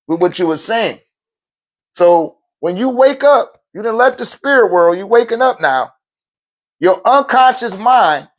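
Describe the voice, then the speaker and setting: Male spiritual teacher, 30s, high voice, casual streetwise lecture style. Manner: animated, swings into loud shouted quotes; laughs often, swears, street slang.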